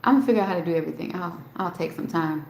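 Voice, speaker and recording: A woman's voice: on the low side, racing, creaky, a little mellow, slight background noise. A woman hosting a casual live stream, rambling and talking straight to her chat, swearing freely. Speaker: livestream host. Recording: roomy echo.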